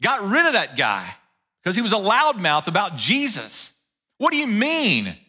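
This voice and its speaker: A man's voice: sits high, wildly swooping pitch, unhurried, pushed and bright, slightly rough, full character voice. A man voicing an indignant zealous persecutor. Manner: protesting, self-justifying.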